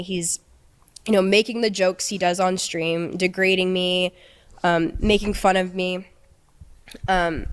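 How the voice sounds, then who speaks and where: A young adult woman telling an emotional personal story, halting and often repeating words as she restarts. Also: on the low side, clean tone. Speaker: guest telling her story.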